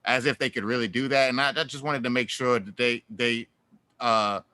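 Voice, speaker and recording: A man's voice: mid-range voice, moderate pace, no room sound. A man, a guest musician in a casual interview, telling stories in a rambling way with lots of fillers, restarts and laughter. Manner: animated, laughs through stories.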